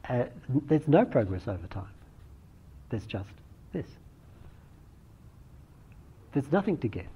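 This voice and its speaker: A middle-aged man giving a reflective, unhurried dharma talk as a meditation teacher, often restarting his phrases. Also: mid-range voice, sing-song, husky. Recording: dull lo-fi recording.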